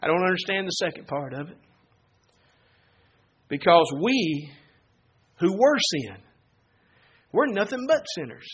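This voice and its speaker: Husky high-voiced preacher man. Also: big pitch swings, unhurried, long pauses. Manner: builds from quiet teaching to loud fervent preaching. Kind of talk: sermon.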